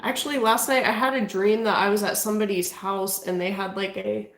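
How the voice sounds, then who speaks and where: A woman talks casually through a paranormal session inside a house. Her voice sits at an ordinary middle pitch. She trails off, restarts, and breaks off to question the spirits, and the room gives her voice a noticeable echo. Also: steady tone, fairly quick, a bit bright, slight background noise. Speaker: paranormal investigator. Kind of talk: casual talk during a ghost-hunting session.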